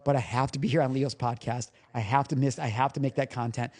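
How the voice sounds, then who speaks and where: A man's voice: medium pitch, steady tone, fast talker, darkish tone. Male podcast guest, mid-range voice, candid and emotional, casually profane storyteller. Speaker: recovery coach guest. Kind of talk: podcast interview, personal storytelling.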